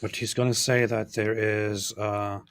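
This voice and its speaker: A man's voice: fairly low pitch, flat delivery, a little slow, smooth. A man co-hosting a casual reaction chat, thinking aloud and posing hypothetical questions. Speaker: co-host.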